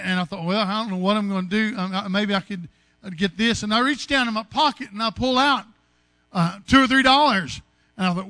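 A man preaching in a high, bright voice. He tells homely stories from his own life, then lifts them into fervent preaching. The sound is close and dry. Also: no echo. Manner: folksy storytelling, rising to fervent preaching. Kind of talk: sermon with personal stories.

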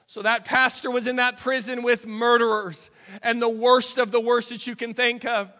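A man's voice: very high voice, little pitch movement, normal speed, pushed and bright, in a large hall. A man preaching a sermon, telling a story dramatically. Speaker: pastor. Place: church sanctuary.

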